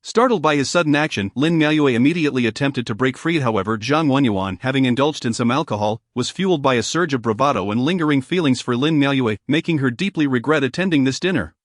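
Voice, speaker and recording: A man narrating a romance drama story in an even, measured reading. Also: mid-range voice, no room sound, studio quality.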